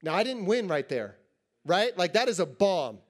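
A man in his thirties preaching to teens in a joking, animated way, acting out little scenes. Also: high voice, normal speed. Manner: animated, joking, acts out quotes. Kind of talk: sermon to teens.

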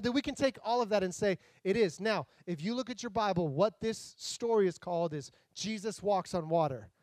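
Recorded dry, a man with a high voice delivers a laid-back, joking sermon as a pastor. He stays animated, slipping into different voices to act out the people in his stories.

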